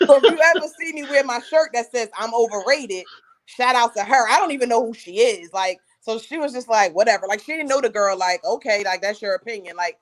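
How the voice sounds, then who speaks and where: Animated slangy woman storyteller. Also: fairly high pitch. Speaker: co-host. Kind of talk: casual podcast chat.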